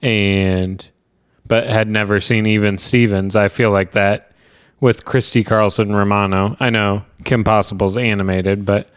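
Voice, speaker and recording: A man's voice: fairly low pitch, steady tone, measured pace, smooth, dry recording, studio quality. A man co-hosting a podcast, laid-back and casual in his talk. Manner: laid-back, mostly short agreeing replies. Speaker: podcast co-host.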